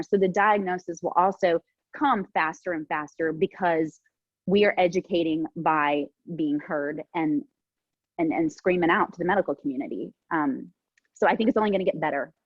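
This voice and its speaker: An earnest woman in her forties talks over a video call with a husky, slightly breathy voice. The sound is dry and dull, like lo-fi call audio. She often laughs lightly and fills her pauses with ums. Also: fairly low pitch, dry recording. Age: 40s. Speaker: panelist. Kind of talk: casual video call discussion.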